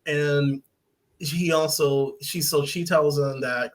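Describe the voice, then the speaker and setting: A man's voice: fairly high pitch, steady tone, takes it slowly. A man hosting a podcast, casually recapping a TV episode, rambling and acting out lines. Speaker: podcast host. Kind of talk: casual review chat.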